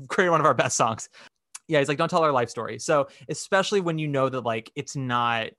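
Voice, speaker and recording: A man co-hosting a casual podcast, telling a story with lively acted-out quotes. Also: medium pitch, moderate pace, no room sound, clean studio sound. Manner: animated storytelling, acting out quotes. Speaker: podcast co-host.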